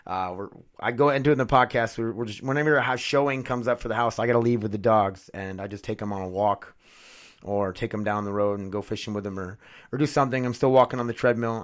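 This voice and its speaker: A man hosting his own podcast, rambling and swearing casually into a condenser studio mic. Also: mid-range voice. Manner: rambling, profane, self-mocking. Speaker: podcast host.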